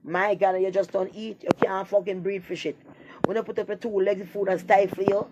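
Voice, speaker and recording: Woman, mid-pitched, blunt rambling monologue, muffled lo-fi recording. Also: level tone, brisk, noisy background. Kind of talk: casual monologue.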